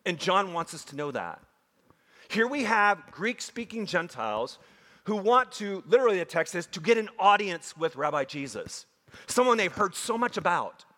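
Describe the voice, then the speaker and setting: A man preaching a sermon to a congregation, emphatic and animated, with frequent asides to his listeners. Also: sits high, moderate pace. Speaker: pastor. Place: church sanctuary. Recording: long hall reverb.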